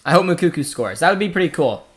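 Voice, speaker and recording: A young Canadian man with a Canadian accent hosts a live football watchalong, talking casually over the match. He reacts to the play as it happens and reads out messages from the chat. His voice sits a little higher than most men's. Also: big pitch swings, quick pace. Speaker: watchalong host.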